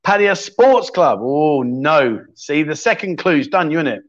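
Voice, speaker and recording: A man runs a quiz on his casual livestream, ribbing the people in the chat. His voice sits on the high side and leaps about with lively swings. The sound is dull and lo-fi, as from a streaming setup. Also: a little slow. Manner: cheeky banter with viewers in chat. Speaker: livestream chat show host.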